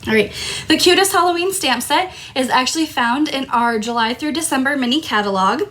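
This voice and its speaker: The live crafting stream is hosted by a Tucson, Arizona woman whose high-pitched voice is brisk and fairly bright. Chatty and apologetic, she talks casually while a throat tickle keeps forcing coughs.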